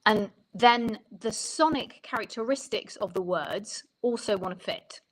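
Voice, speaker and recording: A woman's voice: mid-range voice, unhurried, poor audio. A woman songwriting coach explaining ideas in an interview, talking thoughtfully and often restarting her sentences.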